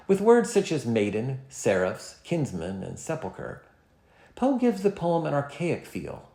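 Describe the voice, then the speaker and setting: Male lecturer, measured scripted delivery with animated pitch, recorded in an echoey room. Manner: measured, expressive reading with dramatic poetry recitals. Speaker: literature lecturer.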